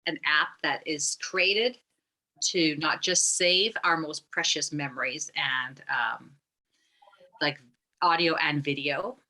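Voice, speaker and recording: A woman's voice: deep voice, takes it slowly, pushed and bright, poor audio. A woman explaining an app she founded, talking loosely with fillers and restarts. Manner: rambling, many restarts and fillers. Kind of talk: conversational explanation.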